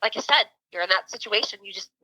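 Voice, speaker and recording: A woman's voice: mid-range voice, fast talker, no echo, poor audio. A middle-aged woman co-hosting a podcast, telling a story in casual chat with lots of fillers. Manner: animated storytelling, many fillers. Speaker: podcast co-host.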